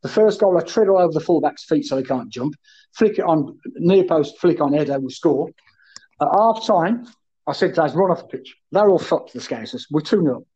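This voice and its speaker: A husky, fairly high-voiced man spins a boisterous, foul-mouthed yarn in casual chat. The sound is dull and muffled. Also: expressive, normal speed, mellow. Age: 30s then, now older. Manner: boisterous, sweary anecdotes, keeps addressing the host by name. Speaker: guest, former footballer.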